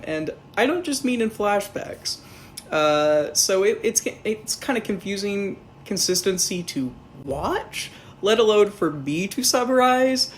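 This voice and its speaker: A man's voice: a little high, a little hiss or hum. A man casually reviewing a film in a rambling, profane, sarcastic way.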